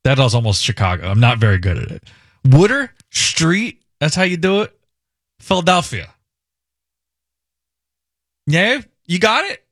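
Man, radio talk host, casual banter, amused, lively pitch, dry studio sound. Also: moderate pace, long pauses, dry recording. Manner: amused, animated commentary.

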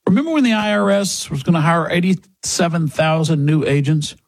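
A man's voice: a little high, a little fast, slight background noise. A man hosting talk radio, sardonic and emphatic. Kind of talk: talk radio monologue and ad read.

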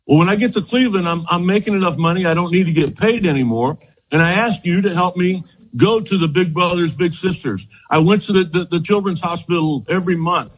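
A man in his sixties, a former pitcher, telling lively anecdotes in an interview and acting out the quotes. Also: breathy edge, low-quality recording. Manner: animated anecdotes, repeats words, acts out quotes. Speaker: former baseball pitcher, guest. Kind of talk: storytelling interview.

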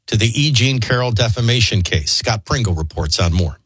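Man, morning radio host, playful, animated pitch, bright tone, dry sound. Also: fairly quick, breathy edge, no echo. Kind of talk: casual radio banter and news reading.

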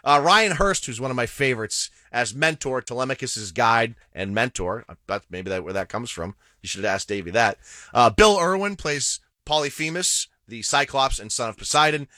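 A man's voice: mid-range voice, expressive, normal speed, sharp tone, no echo, clean studio sound. A man co-hosting a podcast, casually reviewing a film and reading through its cast with jokey asides. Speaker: podcast co-host. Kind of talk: casual movie review chat.

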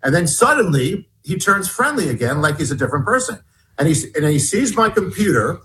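A man, an author and guest on an interview show, telling a personal story emphatically and shifting between raised and hushed tones. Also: on the high side, big pitch swings, a little fast.

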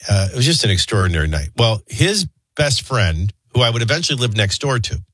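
A man hosting a talk show, rambling through childhood anecdotes and a quick sports rundown. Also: mid-range voice, sing-song, fairly bright tone, slightly rough, no room sound. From New Orleans area. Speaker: talk radio host. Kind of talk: casual storytelling and sports rundown.

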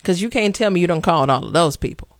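A woman's voice: fairly low pitch, expressive, fast talker, dry recording, studio quality. A woman hosting a call-in talk radio show, blunt and sassy, pressing her callers hard.

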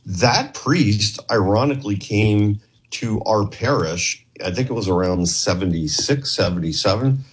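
A man's voice: fairly low pitch, measured pace, slightly rough. A man from Canada, a guest on a talk show, telling a long rambling story and acting out quotes from the people in it. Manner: rambling, animated anecdotes with acted quotes. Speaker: podcast guest, former police trainer. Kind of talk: casual storytelling interview.

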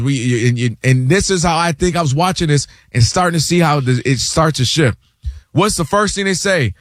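A man hosting a casual sports talk show, animated and quick to act out what others say. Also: a little high, no echo, studio quality. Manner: animated, acts out quotes in other voices, repeats words.

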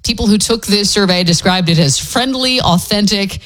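A woman's voice: medium pitch, normal speed, a bit bright. A woman from Georgia with a Southern accent, chatting casually as a radio host.

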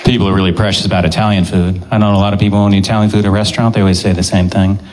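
A man's voice: on the low side, flat delivery, rapid-fire. A man performing a stand-up set on stage with a dry, understated delivery. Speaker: stand-up comedian. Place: comedy stage before an audience. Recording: loud background noise.

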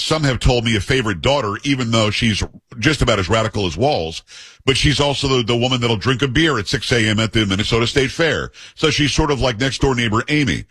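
A man's voice: mid-range voice, fairly bright tone, breathy edge, no echo. A man hosting a political talk show, asking brash, incredulous questions. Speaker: show host.

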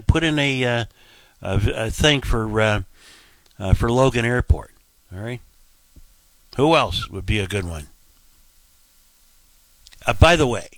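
A man's voice: medium pitch, a bit bright, dry recording. A man hosting a casual talk radio show, rambling through fillers and asides at a studio microphone.

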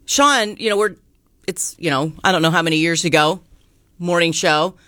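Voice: medium pitch, normal speed, pushed and bright, dry recording, clean studio sound. A co-host in a casual chat, making wry comebacks and laughing often.

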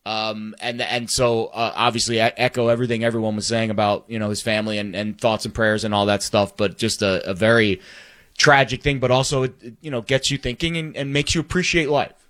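A man co-hosting a sports talk show, speaking reflectively in a halting way, with many ums and restarts. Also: fairly low pitch, fairly even intonation, a bit bright.

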